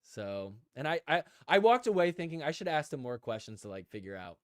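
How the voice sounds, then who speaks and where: A man's voice: fairly high pitch, fairly quick, clear, resonant tone, no echo, studio quality. Chatty young man telling stories. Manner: animated storyteller, reads chat comments aloud; filler-heavy, says "like" and "dude" a lot. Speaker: podcast host. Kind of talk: casual live-stream chat.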